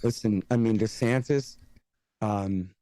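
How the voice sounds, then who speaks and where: A man's voice: fairly low pitch, dark tone, no room sound. Blunt, sarcastic American man ranting. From United States. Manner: blunt, sarcastic, rapid ranting with mocking quoted voices. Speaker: guest, antiwar radio host and author. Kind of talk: casual podcast interview.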